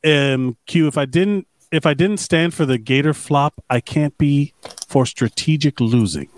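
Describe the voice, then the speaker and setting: A man's voice: fairly high pitch, a little slow. A man co-hosting a podcast in casual, rambling chat, swearing and joking as he reads comments. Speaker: podcast co-host.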